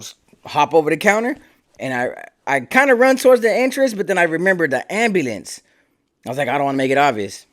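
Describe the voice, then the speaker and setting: Man, street-slang storyteller; raised pitch, very animated delivery, acts out the dialogue. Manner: animated retelling, acting out his own and others' quoted lines; slangy, repeats words and restarts. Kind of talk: first-person storytelling.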